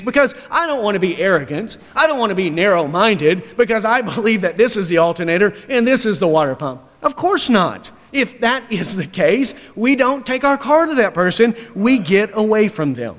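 A man preaching a sermon with forceful, emphatic delivery, building to loud declarations and dropping low again. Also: lively intonation, moderate pace, big-room sound.

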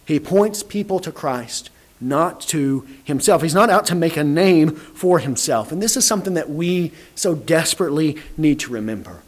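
Guy preaching a sermon, pretty high voice, gets animated, stumbles and repeats words. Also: moderate pace. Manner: animated, acts out quoted dialogue, repeats words when starting.

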